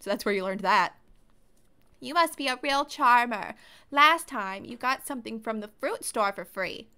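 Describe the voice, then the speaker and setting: A woman voicing a kind, frail old grandmother in a game, with a soft motherly manner. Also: on the high side, lively intonation, moderate pace, smooth. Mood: teasing. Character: kind frail old granny, gentle and doting. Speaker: game voice reader.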